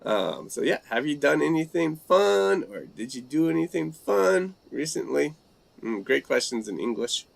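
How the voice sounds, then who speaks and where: A man hosting a casual live language-learning chat, reading out viewer comments and trying out phrases haltingly in several languages. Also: a little high, very animated, vocal fry.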